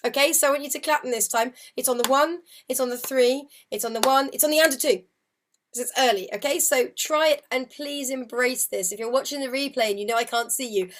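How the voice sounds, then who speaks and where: Woman harp teacher, high voice, counting and singing notes, loud harp playing behind her. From United Kingdom. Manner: encouraging, counts rhythms aloud and sings notes. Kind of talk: online group music lesson. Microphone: video call setup.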